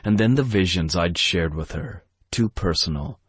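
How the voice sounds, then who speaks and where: A man narrating a first-person romance audiobook in a brooding, steady way on a close studio mic. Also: low voice, moderate pace, husky, dry recording.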